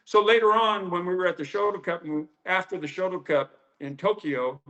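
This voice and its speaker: A man's voice: high-pitched, fairly even intonation, normal speed, pushed and bright, highs cut off. Chatty man telling karate stories. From United States. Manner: anecdotal, many fillers, acts out quotes. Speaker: karate instructor. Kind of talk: storytelling interview.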